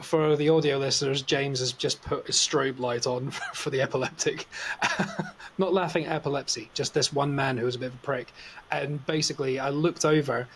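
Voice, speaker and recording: A man's voice: fairly high pitch, slight background noise. Chatty man telling a story. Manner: swears freely, acts out quotes, laughs often. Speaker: podcast co-host. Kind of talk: casual storytelling chat.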